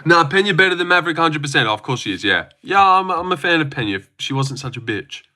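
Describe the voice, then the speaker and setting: Reading out comments on his livestream, this young Australian host keeps things laid-back, jokey and profane. He talks fast in a slightly high, sharp voice with big swings in pitch.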